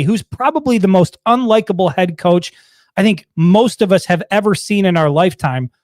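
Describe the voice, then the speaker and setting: A man from Michigan with a Michigan accent, hosting a casual sports talk show and asking blunt, animated questions. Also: high-pitched, no echo, studio quality.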